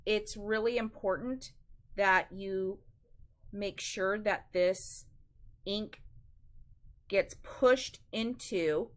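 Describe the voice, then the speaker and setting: A woman's voice: medium pitch, very slow, pauses often. A woman hosting a live-stream craft demonstration, chatty and instructive, often calling her viewers "guys.".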